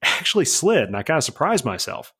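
A man's voice: on the high side, big pitch swings, brisk, pushed and bright, slightly rough. A man telling a story about flying, casual and blunt, swearing freely and acting out radio calls. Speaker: aerobatic pilot guest.

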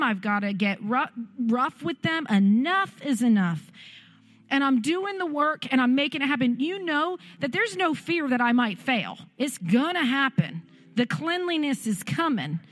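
Fervent woman preaching in a church. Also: high voice. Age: adult parent. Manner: fervent, impassioned praying. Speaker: pastor. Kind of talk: sermon and prayer.

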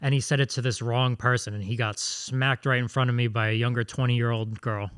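Casting note: male co-host, mid-pitched, dry close sound, halting storyteller. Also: dry recording. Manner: relaxed anecdotal, hesitant "um"s. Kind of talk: casual chat.

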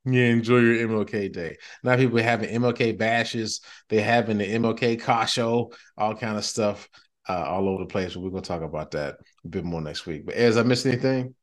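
A middle-aged man hosting a podcast in casual chat, animated and slangy, often laughing. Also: on the low side, a little fast. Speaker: podcast host.

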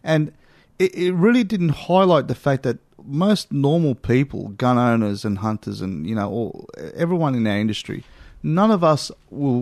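A man's voice: mid-range voice, darkish tone, no room sound. A man co-hosting a podcast, giving his opinions in an emphatic, casual way. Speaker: podcast co-host.

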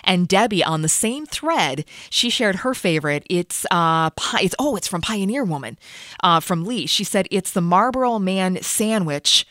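A woman's voice: lowish voice, lively intonation, measured pace, a bit bright, no echo, clean studio sound. Chatty woman radio host. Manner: chatty, laughs easily, self-deprecating. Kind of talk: casual chat.

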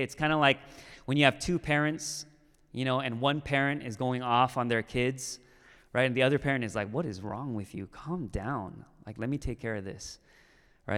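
Guy preaching, chatty sermon style, smooth voice, big echoey church hall. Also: on the high side. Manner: conversational, with frequent "okay?" and "right?" check-ins. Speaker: pastor. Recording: long hall reverb.

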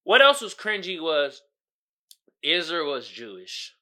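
A young adult man hosting a podcast, casually ranting about a movie in an animated, exasperated, slangy way. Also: fairly high pitch, takes it slowly. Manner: animated, exasperated, slangy with mocking put-on quotes. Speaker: podcast host reviewing a movie. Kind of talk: casual rant.

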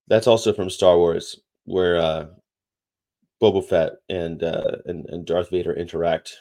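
A man's voice: deep voice, steady tone, unhurried, creaky, dark tone. A man hosting a livestream, chatting casually and rambling between topics and read-aloud definitions. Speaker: livestream host.

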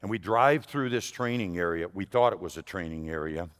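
A man preaching a sermon as an animated storyteller, jumping between loud punchlines and hushed asides. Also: sits low, a little fast. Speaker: guest preacher. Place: church sanctuary. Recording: long reverb of a church hall.

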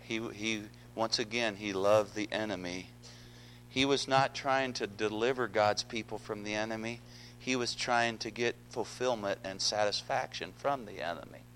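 A man's voice: on the low side, normal speed, a bit bright, slight background noise, low-quality recording. A man preaching a sermon, earnest, often repeating words and asking the congregation questions. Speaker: pastor.

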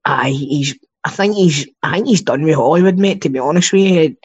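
Chatty Scottish man, slightly high voice. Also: a little fast, husky. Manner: chatty, rambling, swears freely. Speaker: podcast co-host. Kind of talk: casual chat. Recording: dull lo-fi sound.

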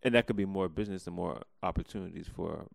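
A young man with a low, gravelly voice chats casually on a podcast, laughing and joking as he goes. His pitch swings widely, and the sound is dry and close. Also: quick pace, dry recording. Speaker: podcast co-host. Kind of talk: casual chat.

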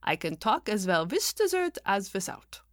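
A woman voicing a merry, elderly German-born immigrant lady in an audiobook, speaking slowly and deliberately. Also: mid-range voice, sing-song, no room sound, studio quality, close to an everyday voice. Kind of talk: audiobook character voice.

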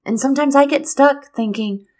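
A woman hosting a podcast, telling a personal story in a lively, expressive way and drawing a motivational lesson from it. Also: high-pitched, moderate pace. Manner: lively, expressive storyteller who acts out what people said. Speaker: podcast host.

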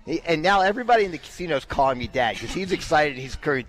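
A man's voice: fairly high pitch, rapid-fire, hardly any pauses, faint music behind. A man hosting a radio talk show, telling a casual story and acting out the lines he quotes. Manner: animated, acts out quoted lines.

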